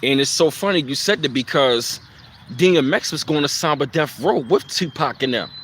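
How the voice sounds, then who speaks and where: A man's voice: on the high side, lively intonation, normal speed, fairly bright tone, slight background noise. A man hosting a casual live stream, speaking in a loose, reflective way with plenty of fillers and repeated phrases.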